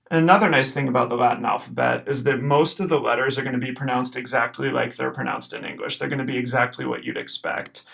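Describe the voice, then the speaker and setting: A man teaching a recorded homework lesson over slides, explaining step by step in a patient way and checking in with a quick okay. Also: medium pitch, vocal fry, a bit bright. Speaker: Latin teacher.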